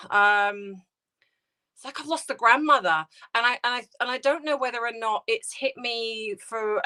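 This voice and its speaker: A woman hosting a live stream, grieving and close to tears, talking haltingly and greeting viewers by name. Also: fairly high pitch, pushed and bright. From United Kingdom. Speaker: livestream host. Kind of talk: emotional casual livestream chat.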